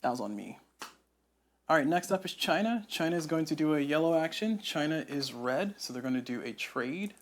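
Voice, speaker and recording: A man's voice: a little high, lively intonation, normal speed. Man thinking aloud over a board game. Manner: thinking aloud, muttering, self-deprecating asides. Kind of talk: casual solo playthrough commentary. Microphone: lapel mic on shirt.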